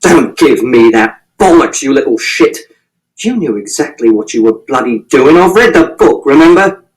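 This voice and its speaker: A man's voice: wildly swooping pitch, normal speed, poor audio. A man voicing a stern, volatile middle-aged father who swears and grows furious, in an audiobook reading. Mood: angry. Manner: low, tight, swearing, fury building from a quiet start.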